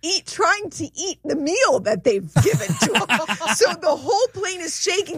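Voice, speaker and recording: A woman's voice: extremely high pitch, big pitch swings, unhurried, few pauses. A woman co-hosting a faith talk show, telling stories in a chatty way and laughing as she goes. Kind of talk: casual conversational storytelling.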